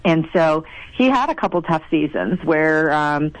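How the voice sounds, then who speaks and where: An animated, gushing woman from South Dakota tells stories as a mayor being interviewed. She talks freely and excitedly, and her voice is recorded close and dry, with no room sound. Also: unhurried, dry recording, poor audio. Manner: animated, gushing, acts out quotes in a higher voice. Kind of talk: casual storytelling in an interview.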